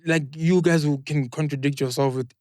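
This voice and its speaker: A man's voice: a little high, fairly even intonation, normal speed, a little mellow, dry recording, studio quality. A man, a co-host in casual football chat, who builds up his points with hesitant starts. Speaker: podcast co-host.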